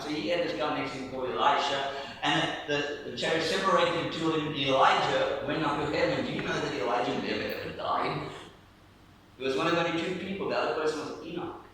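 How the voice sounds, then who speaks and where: A man preaching a sermon as pastor, telling the story animatedly and often dropping to a hush for emphasis. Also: a little high, fairly quick. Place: church. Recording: echoey church from far off with faint noise.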